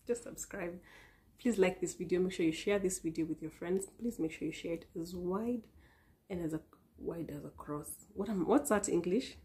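A woman gives an earnest, emotional religious testimony to her viewers, pleading and sometimes dropping to soft whispered repeats. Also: lowish voice. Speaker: vlogger sharing a testimony. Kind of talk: heartfelt religious testimony and encouragement.

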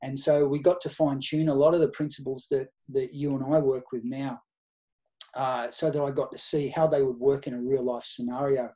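This podcast guest, a middle-aged nutrition researcher and coach with an Australian accent, has a mid-range, dark-toned voice with flat delivery at normal speed. He tells stories conversationally in a casual interview, quoting earlier conversations.

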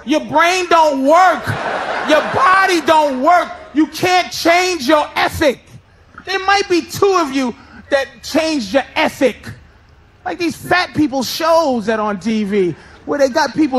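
High, shouting stand-up comedian. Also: male voice, animated, takes it slowly, poor audio. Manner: loud, shouting punchlines, laughing mid-sentence. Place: stage before a live audience. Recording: live show with loud crowd laughter.

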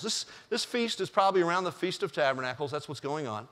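A male pastor preaching a sermon in a church, telling the story in an animated way and chuckling often. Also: on the high side, fairly quick, hardly any pauses. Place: church sanctuary. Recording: long church reverb.

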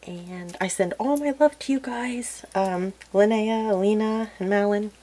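A woman hosting a crafting channel, chatting casually to viewers in a soft, gushing way that often drops to a murmur. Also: medium pitch, measured pace, rough recording. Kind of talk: casual unboxing chat to viewers.

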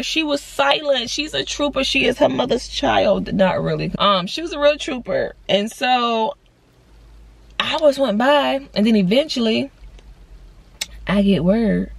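Young woman in her twenties, casual storytime vlogger, lively voice jumps, dry close sound. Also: high voice, gravelly, no echo. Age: 20s. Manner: animated storytelling with big voice jumps for quoted lines; casual slangy talk, addresses viewers as y'all. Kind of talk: storytime vlog.

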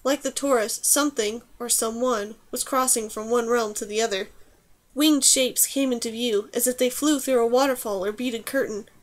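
A woman reading a fantasy novel aloud as audiobook narrator, in an even, measured way. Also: a little high. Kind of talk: scripted narration.

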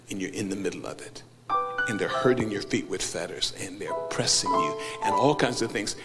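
A man preaching a sermon as a bishop, acting out the people in his story and swinging from hushed asides to loud cries. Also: fairly low pitch, moderate pace. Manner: acts out biblical characters, swings from hushed to shouting. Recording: live hall with loud music behind.

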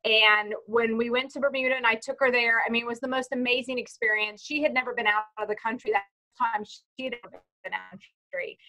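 A woman's voice: fairly high pitch, steady tone, fast talker, bright, forceful tone, rough recording. A woman from Texas, a panelist chatting casually and telling a story with lots of restarts. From Texas, USA. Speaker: panelist, cruise business president.

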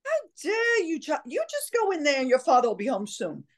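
A woman's voice: high-pitched, huge pitch swings, a little fast, voice pushed up. A woman putting on a Southern accent to play a prim 1960s Southern mother who sweetly scolds her children. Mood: scolding. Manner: sweetly stern, drawling.

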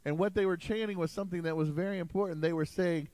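A man preaching a sermon as pastor in a church sanctuary, emphatic and animated. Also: high-pitched, fast, hardly any pauses, dry recording, rough recording.

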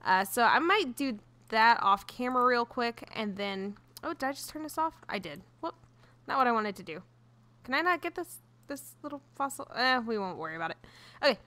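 A woman's voice: fairly high pitch, expressive, fairly quick, bright, forceful tone. A young woman giving casual, chatty commentary on her own video game, giggly and easily flustered. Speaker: gaming YouTuber. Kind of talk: casual let's-play commentary.

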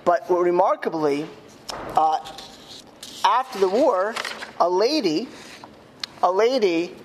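Emphatic rabbi speaking in a school hall. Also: male voice, high-pitched, animated, slight background noise. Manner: emphatic, slows down on key words. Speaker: rabbi giving a talk at a school. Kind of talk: speech to students, storytelling.

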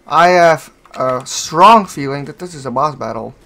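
Profane, jumpy let's-play gamer, slow-talking. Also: medium pitch, lively intonation, pushed and bright, a little hiss or hum. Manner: profane, jumpy, taunts the enemy and yelps when startled. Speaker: gaming channel host.

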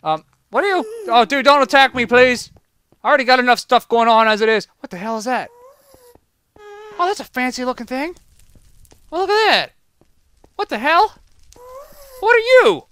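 A let's-play gamer giving excited gameplay commentary, yelping in panic, swearing and pleading with the creatures that attack. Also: high-pitched, normal speed, pauses often, clean tone. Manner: panicky, yelps and swears at enemies; talks to the creatures in the game.

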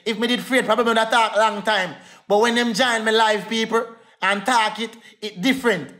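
A man's voice: sits high, fairly even intonation, brisk, bright, forceful tone. A young Jamaican man in a heated livestream rant, defiant and repetitive, calling out to his viewers.

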